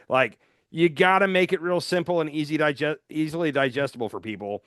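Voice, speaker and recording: A man with a fairly high voice hosts a casual political chat. He talks bluntly, full of opinions and quick asides. The sound is close and dry. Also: lively intonation, fairly bright tone, no echo. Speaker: podcast host.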